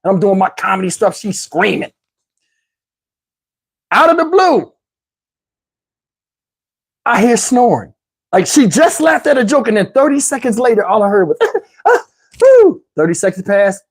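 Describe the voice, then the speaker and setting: A middle-aged man telling a comic story, animated, with loud outbursts while acting out quotes. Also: high voice, moderate pace, pauses often, husky. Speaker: comedian. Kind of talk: stand-up storytelling.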